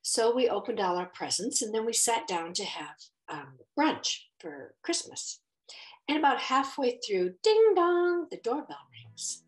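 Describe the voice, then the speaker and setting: A middle-aged woman telling a story to children, animated and expressive, acting out the voices. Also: on the high side, unhurried, poor audio. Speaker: children's story time host.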